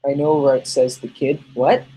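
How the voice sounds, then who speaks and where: A man's voice: medium pitch, little pitch movement, unhurried, dark tone, slight background noise, low-quality recording. A man hosting a casual livestream podcast, rambling and chatty as he answers viewers' questions. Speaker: podcast host reading live chat.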